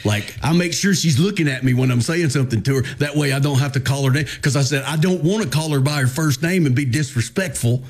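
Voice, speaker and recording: A man's voice: medium pitch, quick pace, few pauses, husky. A man, hosting a radio show and telling a story in casual chat, acting out the lines of the people in it. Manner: animated, acts out quoted dialogue.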